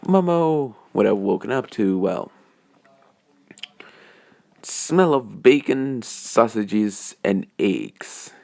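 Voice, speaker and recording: A man's voice: lowish voice, animated, drawn-out words, gravelly, long pauses, darkish tone. A man narrating a fan story off the cuff, rambling with many hesitant restarts. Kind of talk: improvised fan story reading.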